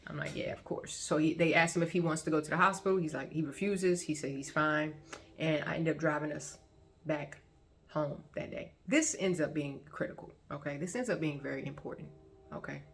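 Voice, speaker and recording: Low-voiced woman telling a story. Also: brisk, vocal fry. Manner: colloquial and chatty, often laughing, addresses viewers directly. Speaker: vlogger sharing her testimony. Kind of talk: casual storytelling.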